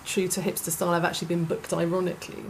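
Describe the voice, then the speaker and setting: A middle-aged woman with a posh English accent, a stand-up comedian chatting as a guest in an animated, self-deprecating way, often restarting and laughing. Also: lowish voice, rapid-fire, a little hiss or hum, low-quality recording. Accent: posh southern English. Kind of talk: casual chat.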